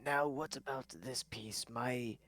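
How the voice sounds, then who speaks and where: Gravelly, husky male player. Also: lowish voice, normal speed. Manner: haggling, speaking as his character. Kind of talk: in-character tabletop play.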